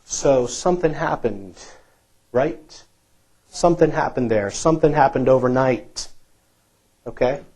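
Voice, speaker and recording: A man's voice: mid-range voice, measured pace, long pauses, a little mellow, rough recording. A male pastor preaching a sermon in a church, emphatic and repetitive, asking the congregation rhetorical questions.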